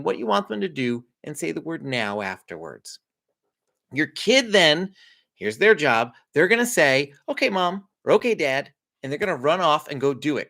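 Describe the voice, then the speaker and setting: A man walks parents through a routine in a friendly, conversational teaching style. His voice sits a little high and moves a lot in pitch. He chuckles often between points. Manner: lively, conversational, laughs often. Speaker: parenting coach. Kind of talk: instructional talk to parents.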